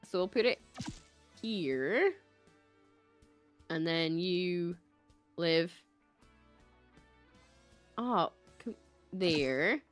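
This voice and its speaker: With a fairly low pitch and lively intonation, this Scottish woman draws out her words and pauses often while faint music plays behind her. She's giving relaxed livestream commentary on a game, reading along, teasing herself, and laughing frequently.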